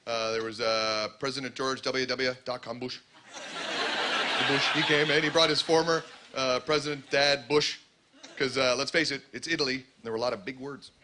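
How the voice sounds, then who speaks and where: A man's voice: medium pitch, steady tone, moderate pace. A man from Canada with a Canadian accent, doing a sardonic, conversational stand-up comedy set. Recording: loud background noise.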